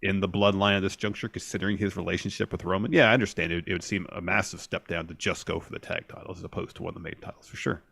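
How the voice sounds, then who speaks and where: A man co-hosting a casual wrestling podcast, recounting matches play by play in a steady way. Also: low voice, rapid-fire, vocal fry, hardly any pauses, husky, no room sound. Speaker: podcast co-host. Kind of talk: casual wrestling recap chat.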